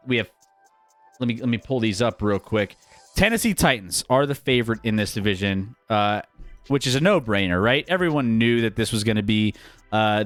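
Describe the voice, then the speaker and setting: A man hosting a live sports betting stream, talking in a relaxed, rambling way with loose filler words. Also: medium pitch, clean tone, dry recording. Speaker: sports betting show host.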